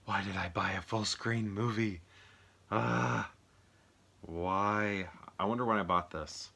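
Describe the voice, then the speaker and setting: Low-voiced American man musing casually. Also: takes it slowly, gravelly, bright, forceful tone. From United States. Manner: rambling, thinking aloud, asks the viewers questions. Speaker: movie collector reviewing films. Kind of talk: casual solo video chat.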